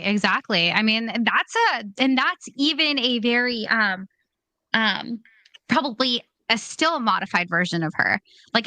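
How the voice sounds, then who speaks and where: A woman's voice: fairly high pitch, bright, forceful tone, dry recording. A woman hosting a casual podcast chat, reacting expressively to her guest. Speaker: podcast host.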